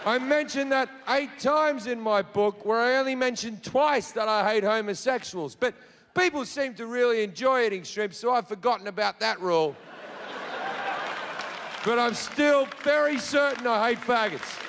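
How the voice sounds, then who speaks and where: A man voicing a petty, hateful, foul-mouthed male God who rants and shouts. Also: very high-pitched, normal speed, long reverb tail, crowd noise, noisy background, pitched above the performer's own voice. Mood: ranting. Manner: ranting, shouting and swearing.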